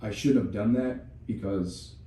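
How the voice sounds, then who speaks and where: A man's voice: fairly low pitch, a little slow, mellow, far from the mic. A young man on a podcast telling a personal story in a candid, profane way, often restarting his sentences. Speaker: podcast co-host. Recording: echoey room, voice off-mic.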